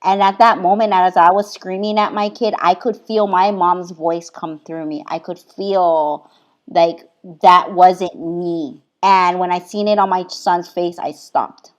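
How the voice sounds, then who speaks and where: A middle-aged woman from Hawaii speaks as a podcast guest, telling stories about her own life in a relaxed, earnest way. Her voice sits somewhat low, and she breaks into laughter often between loose, run-on phrases. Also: a little slow. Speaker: spiritual healer guest. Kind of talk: casual conversational storytelling.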